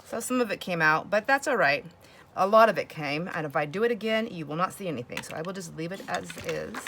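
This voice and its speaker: Talking fast with lively intonation, a crafting channel host uses a low-side, creaky, fairly bright voice, and a little hiss or hum is audible. She chats casually as she works, laughing often and talking to herself.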